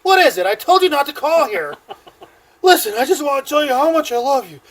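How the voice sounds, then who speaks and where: A man's voice: extremely high pitch, a little fast, voice pushed up. A man doing a slurring lovesick drunk. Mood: loud, pleading. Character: sloppy blackout-drunk man on a bus, lovesick.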